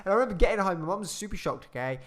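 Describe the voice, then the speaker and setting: A man's voice: high-pitched, rapid-fire. A young man telling a rambling, sweary personal story in a casual storytime. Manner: rambling, sweary, animated retelling.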